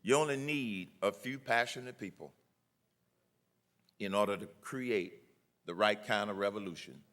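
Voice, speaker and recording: An older man delivering a rousing political speech at a conference, building to loud emphatic peaks. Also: lowish voice, measured pace. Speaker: conference keynote speaker. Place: conference hall.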